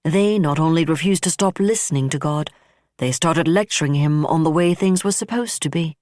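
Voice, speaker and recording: A narrator voicing a brisk, wry female admiral who speaks firmly and solemnly. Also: medium pitch, darkish tone, dry recording, studio quality, lightly acted. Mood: earnest. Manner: firm and solemn.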